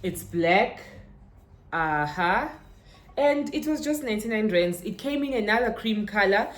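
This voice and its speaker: A young South African vlogger with Zulu-inflected English chats casually through a shopping haul unboxing, mixing in Zulu words at a measured pace while her pitch jumps when she gets excited. The recording has a roomy echo and faint ambience.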